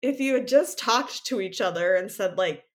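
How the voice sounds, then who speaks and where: A woman with a middle-pitched voice talks as a podcast co-host, recapping a TV episode in a loose, chatty way. She leans on "like" constantly and often breaks into laughter as she tells the story. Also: moderate pace. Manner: animated storytelling, many "like" fillers, frequent laughs. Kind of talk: casual chat recapping a TV episode.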